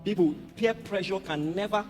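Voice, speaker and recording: A man preaching a sermon as a pastor, animated and humorous. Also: sits high, moderate pace. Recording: reverberant hall with music behind.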